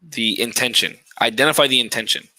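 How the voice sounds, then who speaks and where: A man who is a game streamer, guesting on a podcast, talking things through in a reflective, casual way with plenty of swearing and shout-outs to stream followers. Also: medium pitch, fairly quick, dry recording, low-quality recording. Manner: reflective, heavy swearing, talks while thanking stream followers.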